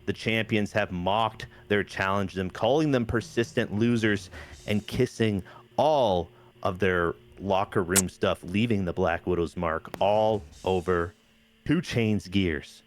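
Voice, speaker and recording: A man's voice: fairly low pitch, slow pace. A man hosting a game playthrough, narrating the story in a hyped, playful way. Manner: hyped, playful, says "baby" a lot. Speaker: host. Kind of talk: casual game commentary.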